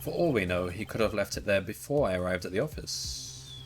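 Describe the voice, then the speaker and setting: A man's voice: sits low, animated, brisk, faint music behind. A man reading the lines of a smug, evasive male suspect in a game, in a taunting, self-satisfied manner.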